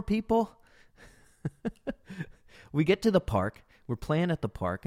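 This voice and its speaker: A man in his thirties hosting a podcast, telling a rambling, animated story with swearing and rising disbelief. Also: fairly low pitch, no echo, clean studio sound. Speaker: podcast host. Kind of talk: casual storytelling monologue.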